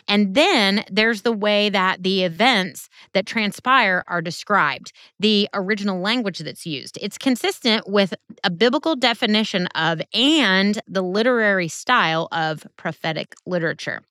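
A woman's voice: mid-range voice, a little slow, hardly any pauses, sharp tone, no room sound, clean studio sound. A woman giving a Bible teaching sermon in an earnest, conversational way with emphatic turns.

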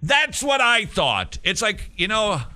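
A man hosting a talk radio show, animated and opinionated, shifting between mockery and heated emphasis. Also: sits high, slow pace, dry recording.

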